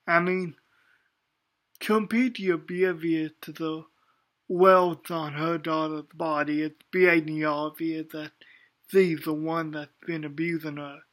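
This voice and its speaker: A man's voice: fairly high pitch, flat delivery, a little slow, a bit bright. A man giving a casual spoken anime review, hesitant, with many ums and restarts.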